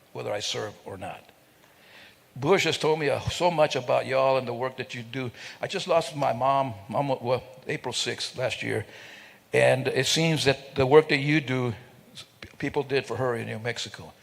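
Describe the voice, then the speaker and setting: Speaking at a moderate pace in a gravelly, medium-pitched voice, a guest speaker addresses an event in an event hall. He trades jokes with the audience and performs sounds and voices as he tells stories, with long hall reverb audible.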